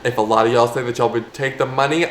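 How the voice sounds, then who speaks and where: A young man telling a story in an animated, chatty way to his vlog audience. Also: medium pitch, fast, a little hiss or hum. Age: young adult. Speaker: vlogger. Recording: echoey room, faint ambience.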